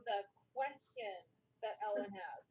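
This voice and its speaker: A woman's voice: medium pitch, a little slow. A woman playing a tabletop game with friends, teasing and giggling, on a lo-fi mic. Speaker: player. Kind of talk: casual tabletop game chat.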